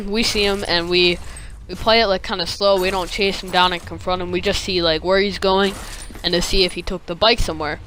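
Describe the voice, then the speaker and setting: A gaming video creator with a slight retainer lisp tells a rambling story over gameplay, full of fillers and casual swearing. His voice sits high and is steady, fairly quick, bright and forceful, on a low-quality recording with slight background noise.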